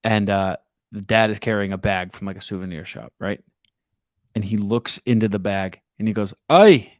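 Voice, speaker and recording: A young man co-hosting a casual sports podcast, telling stories in a relaxed way. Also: on the low side, normal speed, no room sound, clean studio sound. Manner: relaxed storyteller. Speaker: podcast co-host.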